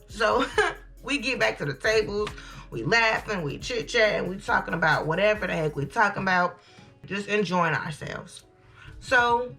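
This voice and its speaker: A young woman, chatting to viewers as she tells a lively storytime. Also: mid-range voice. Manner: animated, chatty, addresses viewers as y'all. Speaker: storytime vlogger. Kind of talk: casual storytelling to camera.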